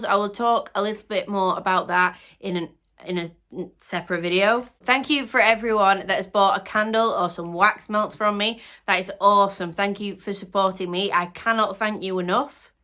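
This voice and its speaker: A woman's voice: medium pitch, pushed and bright. A woman hosting her own channel, chatting upbeat to camera with frequent restarts as a small business owner. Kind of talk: casual chat to camera.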